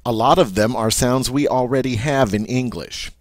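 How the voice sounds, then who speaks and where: A man's voice: mid-range voice, moderate pace, dry recording. A man giving a patient language lesson, explaining sounds step by step and often checking in with "all right?". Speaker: French teacher.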